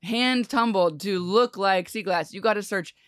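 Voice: medium pitch, measured pace, fairly bright tone, clean tone, no echo, clean studio sound. A podcast co-host in casual chat, easygoing and agreeable.

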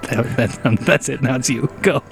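A man's voice: mid-range voice, lively intonation, normal speed. A man co-hosting a casual podcast, joking around and laughing often, with spooky music playing behind him. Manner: giggly, playful, often breaks into laughter. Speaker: podcast co-host.

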